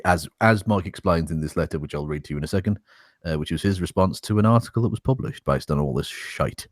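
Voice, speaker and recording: A man's voice: sits low, dry recording, studio quality. A man co-hosting a casual podcast, reading a statement aloud with wry, sarcastic asides and swearing. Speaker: podcast co-host.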